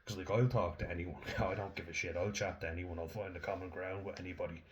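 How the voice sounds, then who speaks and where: A man's voice: deep voice, fairly even intonation, fast, a little hiss or hum. A young Irish man from Dublin ranting casually to camera, blunt, swearing freely and laughing as he rambles.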